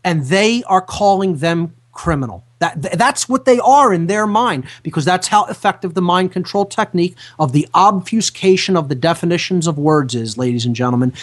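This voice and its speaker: A man hosting a radio talk show, speaking emphatically and repeating key phrases slowly for effect. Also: high voice, lively intonation.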